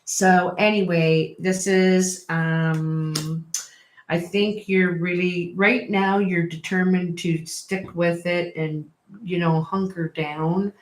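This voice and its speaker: A woman giving a casual tarot reading, chatty and quick to laugh and apologize, recorded at home. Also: lowish voice, steady tone. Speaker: tarot reader. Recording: echoey room.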